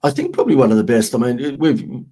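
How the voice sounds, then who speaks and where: An older Australian man, a marketing guest, telling animated, self-mocking stories in a podcast interview. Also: medium pitch, quick pace, slightly rough.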